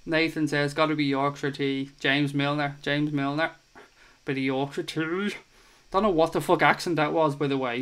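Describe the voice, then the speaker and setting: Young male host, casual and profane, smooth clear voice, mid pitch, riffing on chat comments. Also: a bit bright. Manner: chatty and swears freely. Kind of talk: casual live chat reading viewer comments.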